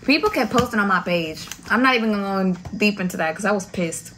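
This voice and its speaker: A woman's voice: medium pitch, animated, brisk, background noise. Slangy, blunt young woman vlogger. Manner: slangy, profane, candid. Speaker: vlogger recounting Navy boot camp. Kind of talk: casual storytime vlog.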